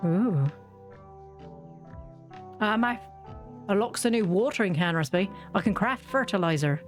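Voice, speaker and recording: A woman's voice: medium pitch, measured pace, pauses often, soft background music. A woman streamer chatting casually and rambling while she plays a game, often poking fun at herself and giggling. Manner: rambling, self-mocking, giggly. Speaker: gaming streamer. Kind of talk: casual let's-play chat.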